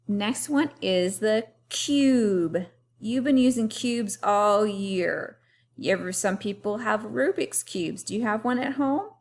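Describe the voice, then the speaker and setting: A woman teacher giving a remote lesson to young children, talking clearly and having them repeat words after her. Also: medium pitch. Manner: slow, clearly paced teacher talk with call-and-repeat.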